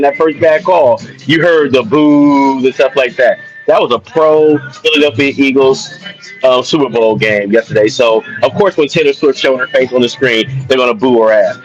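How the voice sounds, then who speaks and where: A man's voice: fairly high pitch, highs cut off. A man co-hosting a casual sports podcast over a video call, talking in long, loose, repetitive turns. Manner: laid-back, repeats himself, talks in long winding turns. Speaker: podcast co-host.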